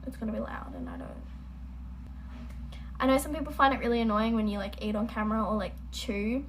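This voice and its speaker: Young woman, reaction host, rambling casual chat, a bit high-pitched, faint noise behind. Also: big pitch swings, a little fast, rough recording. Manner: chatty, rambling, apologetic. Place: at home, indoors.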